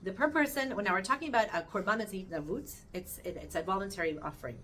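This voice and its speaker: A middle-aged woman giving a talk on the weekly Torah portion, earnest and animated, asking her listeners questions and weaving in Hebrew terms. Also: mid-range voice, fast talker. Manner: speaks directly to listeners with questions. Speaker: Torah teacher.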